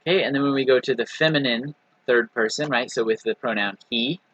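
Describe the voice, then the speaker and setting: A man with a bright, forward, slightly husky voice teaches a language lesson in a patient, repetitive way. He checks in often with "right?" and "okay." The recording is dry and a little dull. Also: mid-range voice, no room sound. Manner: patient, repeats example words slowly with many "right?" and "okay". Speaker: Hebrew teacher.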